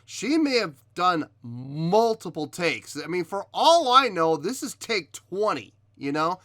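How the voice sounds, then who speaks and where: A man hosting a reaction video, giving measured critique in casual talk, often pausing with ums and restarting his sentences. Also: high voice, very animated, fairly bright tone, dry recording, studio quality. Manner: hesitant, many ums and restarts. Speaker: reaction video host reviewing a singer. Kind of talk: casual spoken commentary.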